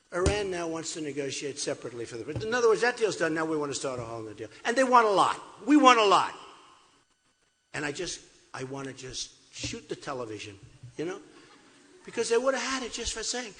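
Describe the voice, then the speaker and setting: A man's voice: a little high, fairly bright tone, a little hiss or hum. An older man giving an off-the-cuff, repetitive campaign rally speech at a podium in a large hall. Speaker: political candidate. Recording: echoey hall.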